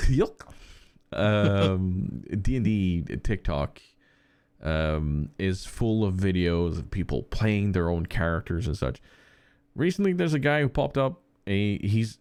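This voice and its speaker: Low-pitched male podcast co-host, dry recording; loose, rambling storyteller who restarts sentences. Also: a little mellow, no echo. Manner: rambling anecdotes with frequent fillers and restarts. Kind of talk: casual chat.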